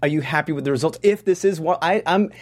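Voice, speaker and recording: Male show host, slightly high voice, chatty and upbeat, steers the panel. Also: quick pace, a little mellow. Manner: upbeat, chatty, leads the discussion. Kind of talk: TV recap chat show.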